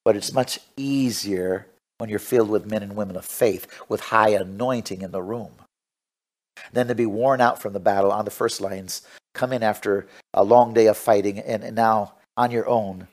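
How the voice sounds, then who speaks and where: Guy preaching a radio sermon, goes quiet then gets loud and fiery, reads scripture. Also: fairly low pitch, steady tone, normal speed. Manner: swings from hushed asides to loud, fervent preaching.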